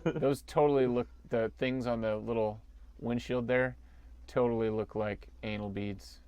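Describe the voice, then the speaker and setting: A man's voice: medium pitch, steady tone, measured pace, a little mellow, clean tone, no echo. A man co-hosting a podcast, riffing on a movie in jokey, rambling banter and laughing often. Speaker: podcast co-host.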